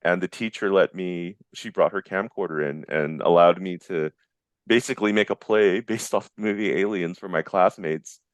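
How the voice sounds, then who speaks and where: An excitable man in his forties tells stories as a podcast guest, doubling back and restarting his thoughts as he goes. His voice sits very low, and the sound is close and dry, with no room around it. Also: moderate pace, no echo. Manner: rambling, enthusiastic, many restarts. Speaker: guest, visual effects artist. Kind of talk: casual interview chat.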